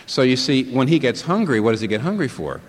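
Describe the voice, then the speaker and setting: A man delivers a sermon with a lively, swinging pitch, pressing home his points through rhetorical questions. His voice sits in a middle register. A long reverb trails each phrase, as in a large hall. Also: quick pace, slightly rough. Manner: emphatic, rhetorical questions, answers them himself. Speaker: preacher. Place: large church hall with a live congregation.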